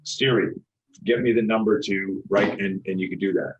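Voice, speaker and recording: Middle-aged man, low register, animated guest storyteller acting out dialogue. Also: normal speed, muffled recording, a little hiss or hum. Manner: animated, acts out quoted dialogue, frequent restarts, swears. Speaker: guest, self-defense instructor.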